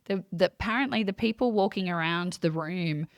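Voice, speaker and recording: Animated woman telling a story, dry sound. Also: lowish voice, a little fast, no echo. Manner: animated, acts out her own quoted thoughts; many fillers and restarts. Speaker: guest, psychic medium. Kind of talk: casual interview storytelling.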